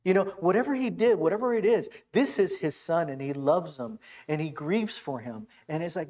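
A man delivers a sermon with lively, animated emphasis. His voice sits a little high for a man. He stretches out scripture passages slowly and dramatically before explaining them in a looser, conversational way. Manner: animated preaching, quoting scripture with dramatic slowdowns. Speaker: pastor.

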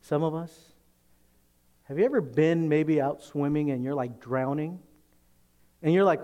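A pastor whose mellow voice sits on the high side preaches a little slowly, pausing often. His sermon feels conversational, full of rhetorical questions for the congregation and little acted-out scenes with voices.

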